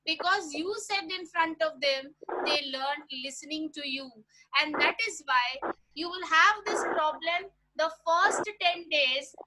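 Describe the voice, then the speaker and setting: High-pitched woman lecturing over a noisy call. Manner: explains slowly, addresses listeners as teachers and participants. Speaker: teacher trainer leading a webinar. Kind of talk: online lecture to teachers. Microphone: video call. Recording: loud background noise on the call.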